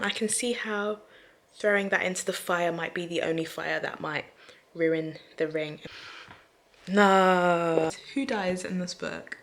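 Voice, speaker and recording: Chatty woman book vlogger: excitable, a bit low-pitched, fond of whispered asides. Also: a little slow, slight background noise. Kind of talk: casual reading-reaction vlog.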